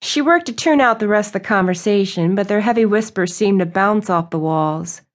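A woman reading a romance novel aloud as an audiobook narrator. Her storytelling is smooth and even. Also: mid-range voice, normal speed. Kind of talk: scripted narration.

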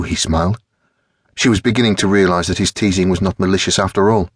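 A man reading an audiobook in measured, even narration. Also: low-pitched, breathy edge, dry recording, studio quality.

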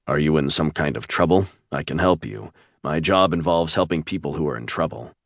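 A male audiobook narrator voicing a protective man who speaks gently and soothingly. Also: a bass voice, animated, brisk, no room sound, studio quality, heavily acted.

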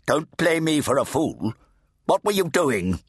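Man doing a shouting fat monk-cook. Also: on the high side, sing-song, a little slow, husky, dry recording, clean studio sound, pitched above the performer's own voice, full character voice. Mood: barking, bullying. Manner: barking, shouting interrogation. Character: fat bullying male monk-cook, harsh, suspicious. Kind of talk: audiobook character voice.

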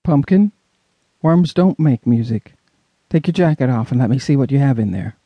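A man's voice: mid-range voice, expressive, moderate pace, slightly rough, no room sound, muffled recording. A man voicing a patient young father, kind and reassuring. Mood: tense calm. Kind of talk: audiobook character voice.

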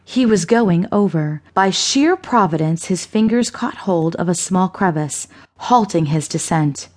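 A woman narrating a suspense thriller audiobook in a measured, unhurried reading. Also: lowish voice, lively intonation.

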